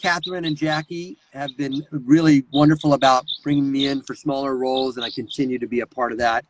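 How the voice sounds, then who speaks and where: A man talking as a guest voice actor in a casual interview, animated and quick to slip into voices. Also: mid-range voice, slight background noise, low-quality recording.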